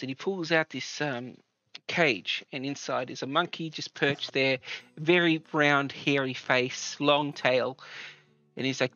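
A man narrates a tabletop game as game master in a bright, slightly high voice, relaxed and full of fillers. The sound is dry, dull and lo-fi, with soft music underneath. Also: a little slow, no room sound. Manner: relaxed storytelling with many fillers.

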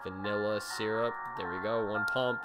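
A man giving let's play commentary to his chat, excitable and full of slangy exclamations as he reacts to the game. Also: on the low side, normal speed, loud music behind the voice. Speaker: gaming video creator.

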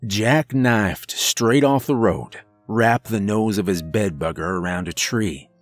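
A grizzled old trucker, as a man puts him on, drawls slow, folksy warnings in a low voice. He sounds crude and weathered, a diner regular in a spoken horror story. Faint music plays under him. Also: dry recording.

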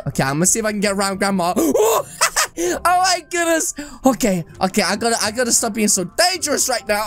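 Man, high voice, excitable gameplay commentary, jokey, yelps and shouts, game music behind. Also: quick pace. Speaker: gaming YouTuber.

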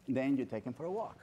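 A man giving an animated storytelling talk at an event, now and then acting out excited dog lovers in high squealing voices. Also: dull audio, slight background noise. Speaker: dog behaviorist speaker. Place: event stage.

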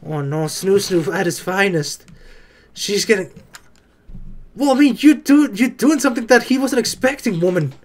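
A YouTuber reacting to an anime, with casual joking commentary and sudden excited outbursts. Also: mid-range voice, moderate pace.

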